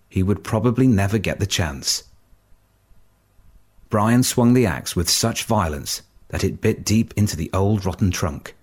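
A man reading a story aloud as audiobook narration, measured and steady. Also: deep voice, breathy edge.

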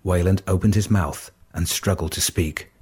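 Deep slow guy reading a story out loud, kinda husky. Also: fairly even intonation. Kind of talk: audiobook narration.

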